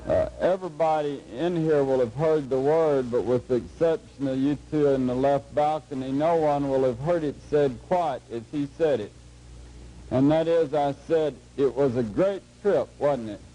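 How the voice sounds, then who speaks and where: A man's voice: a little high, dark tone, poor audio. Folksy man telling a tale. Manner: folksy, dry, unhurried storyteller. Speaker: lecturer. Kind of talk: humorous storytelling lecture. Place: lecture hall before a live audience.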